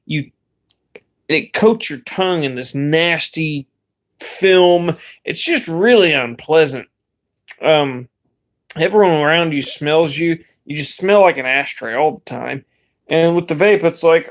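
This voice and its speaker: A man's voice: on the high side, animated, a little slow. A young man vlogging in a rambling, laid-back way, swearing casually as he chats. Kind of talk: casual vlog chat.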